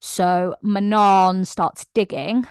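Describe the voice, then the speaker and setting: A woman's voice: medium pitch, extremely slow, clean tone, no echo. A woman book vlogger giving a casual, emotional and gushing plot recap. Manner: emotional, gushing and animated retelling.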